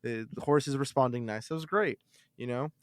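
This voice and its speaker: A man on a podcast, telling a story from his childhood in an animated, swearing style with lots of repeated words. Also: mid-range voice, a little fast, no room sound, studio quality. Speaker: podcast host. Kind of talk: casual storytelling.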